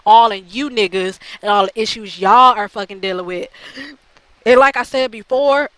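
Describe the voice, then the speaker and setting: A woman's voice: medium pitch, moderate pace, a bit bright, no echo, low-quality recording. A woman ranting bluntly in a heated, profane monologue to her channel, full of fillers and restarts. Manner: blunt, heated, heavy swearing; frequent fillers and repeated restarts. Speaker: channel host.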